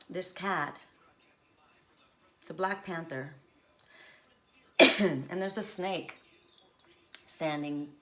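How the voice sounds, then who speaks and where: A woman's voice: fairly low pitch, pushed and bright, slight background noise. A woman giving a spiritual oracle card reading, musing aloud with coughs and asides, choked up at times.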